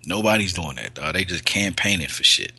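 A man's voice: deep voice, sing-song, fairly quick, creaky, sharp tone, breathy edge, no room sound. A man in casual podcast banter, loose and profane, laughing often and getting riled up. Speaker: co-host.

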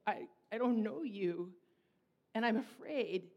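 A woman speaking softly as a frightened young female dog. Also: fairly high pitch, expressive, takes it slowly, muffled recording, heavily acted. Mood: scared.

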